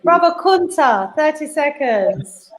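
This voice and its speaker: A woman's voice: sits high, lively intonation, low-quality recording. A woman hosting an online panel show, cueing each speaker in turn over a video call. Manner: warm sign-offs and brisk cueing of speakers. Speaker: host.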